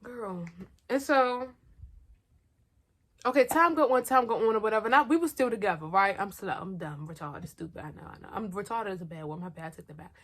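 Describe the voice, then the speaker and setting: A woman's voice: mid-range voice, animated, a little fast, fairly bright tone. A young woman telling a personal story in a storytime vlog, candid and slangy, talking straight to her viewers and poking fun at herself. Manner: blunt and self-mocking. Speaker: vlogger.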